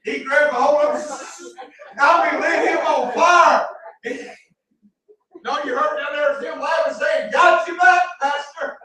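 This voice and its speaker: High-voiced Southern preacher in echoey church. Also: male voice, measured pace, far from the mic, some chatter behind. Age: 30s. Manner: folksy, animated, shouting bursts. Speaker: pastor. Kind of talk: sermon with humorous storytelling. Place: large church sanctuary. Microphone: distant from the mic.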